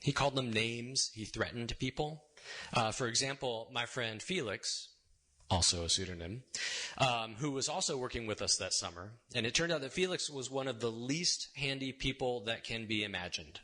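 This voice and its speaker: A man's voice: mid-range voice, expressive, moderate pace, sharp tone. A man giving a conversational, storytelling sermon in a church, casual and wry, often checking in with his listeners. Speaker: sermon speaker. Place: church sanctuary.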